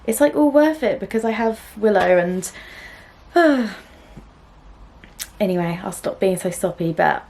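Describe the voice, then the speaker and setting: Young woman, home sewing vlogger, gentle and chatty with soft laughs, talking straight to camera. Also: medium pitch, lively intonation, measured pace, vocal fry, pauses often. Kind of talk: casual chat to camera. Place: small room at home.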